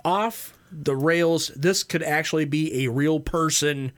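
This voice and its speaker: A man's voice: on the high side, takes it slowly, fairly bright tone. A man hosting a casual radio talk show, rambling and laughing often as he tells stories. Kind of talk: casual chat.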